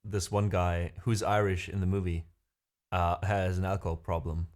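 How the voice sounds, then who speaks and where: A young man chats loosely to his livestream viewers. He rambles, pauses on fillers and restarts his sentences as he thinks aloud, speaking into a desk mic at home. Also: low voice, flat delivery, darkish tone. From Germany. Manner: rambling, hesitant, many fillers. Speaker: livestream host. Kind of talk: casual chat with viewers. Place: home room.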